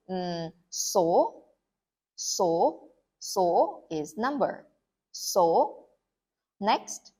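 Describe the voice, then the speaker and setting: A young woman with a Vietnamese accent teaching a pronunciation lesson, repeating each sound slowly and clearly so the listener can say it along. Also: mid-range voice, mellow. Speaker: language tutor.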